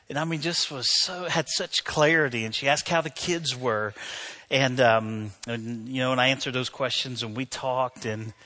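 Bright-voiced man preaching a sermon. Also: medium pitch. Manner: conversational, many fillers, rising to emphatic preaching. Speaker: pastor. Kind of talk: sermon with personal story.

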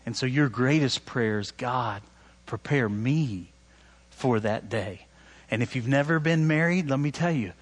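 A man preaching a sermon, asking his listeners "right?" and mimicking sarcastic tones when he quotes. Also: mid-range voice. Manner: animated preaching, rising loud on emphasis, asks "right?" often. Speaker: pastor.

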